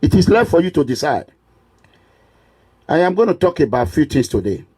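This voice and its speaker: A man with a Nigerian accent giving an impassioned political monologue, preachy and repetitive, at times breaking into shouts. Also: fairly high pitch, big pitch swings, brisk, slightly rough. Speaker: political commentator.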